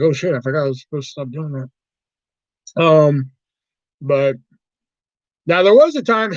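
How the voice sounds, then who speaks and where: Animated young man telling a profane story. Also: mid-range voice, no room sound. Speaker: vlogger telling a work story. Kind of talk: casual storytelling. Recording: dull dry lo-fi recording.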